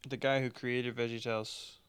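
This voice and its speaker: A young man co-hosting a podcast in an easy, joking way, now and then slipping into high falsetto bits of song. His voice is smooth and clear, recorded close and dry with no room sound. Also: little pitch movement, moderate pace, no echo. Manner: jokey, bursts into high falsetto singing and impressions. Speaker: podcast co-host. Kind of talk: casual chat.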